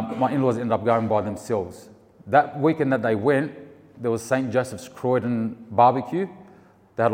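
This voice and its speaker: Man, casual testimony speaker, animated storyteller, middle pitch, heard with long room reverb. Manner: animated storytelling, acts out the people he quotes. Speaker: storyteller sharing a faith testimony.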